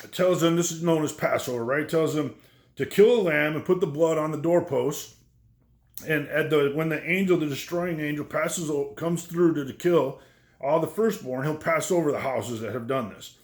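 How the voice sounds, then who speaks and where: A man teaches a lesson on biblical history, his voice sitting a little high for a man. He talks in a loose, conversational way and keeps checking in with his listeners. The room around him is echoey. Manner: conversational, checks in with "right?" and "okay?".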